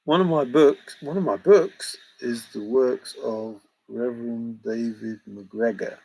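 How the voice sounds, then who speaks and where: A man's voice: medium pitch, takes it slowly, vocal fry, a little mellow, husky, poor audio. A middle-aged man hosting a livestream, joking and laughing as he banters with viewers in the chat. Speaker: livestream host answering chat. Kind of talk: casual chat.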